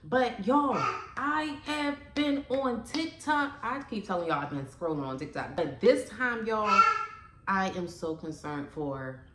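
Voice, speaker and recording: A woman's voice: lowish voice, measured pace, hardly any pauses, reverberant, heavy background noise. A woman vlogger, a mother in her thirties, chatting earnestly and emotionally to her viewers, saying "y'all" often. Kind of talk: casual vlog chat.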